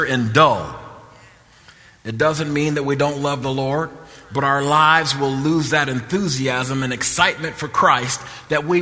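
A man's voice: mid-range voice, sharp tone, big-room sound. A man preaching a sermon in a church, with an impassioned, repetitive preaching cadence.

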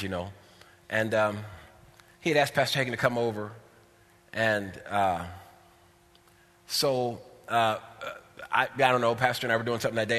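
A man's voice: medium pitch, fairly bright tone, big-room sound. A man preaching a sermon, telling a story in a folksy way and pushing into fervent exhortation. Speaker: pastor.

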